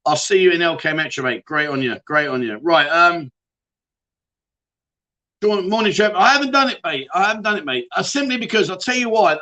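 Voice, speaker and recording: Chatty, bright-voiced livestream host. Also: male voice, high voice. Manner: chatty and jokey, banters with viewers. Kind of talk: casual livestream chat reading viewer comments.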